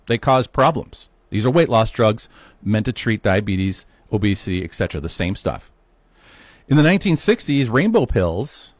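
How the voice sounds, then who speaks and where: Lively fifty-year-old man lecturing. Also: medium pitch, dry recording. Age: 50s. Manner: animated, conversational, rhetorical asides to the viewer. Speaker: health talk host. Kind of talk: solo educational monologue.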